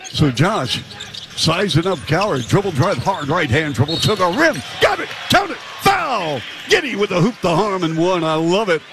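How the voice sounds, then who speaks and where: Fast, punchy play-by-play man. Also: high voice, big pitch swings, very noisy. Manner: rapid, punchy calls that rise to shouts on big plays. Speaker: play-by-play announcer. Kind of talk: live basketball commentary.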